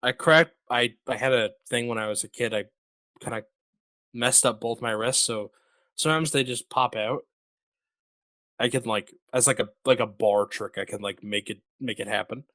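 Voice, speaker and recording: A man's voice: medium pitch, bright, forceful tone, no echo. Guy hosting a podcast, rambly and jokey, lots of likes and uhs, dry close mic. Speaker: podcast host. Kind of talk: casual chat.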